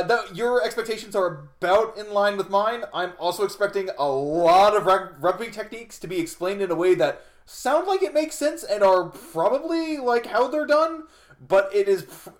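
A man co-hosting a casual podcast chat, rambling and self-deprecating, with plenty of fillers and restarts. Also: high voice. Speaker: podcast co-host.

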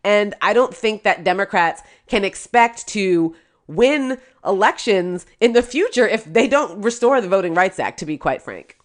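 A woman co-hosting a podcast, talking politics in a casual, indignant way with quick laughing asides. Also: mid-range voice, lively intonation. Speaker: podcast co-host.

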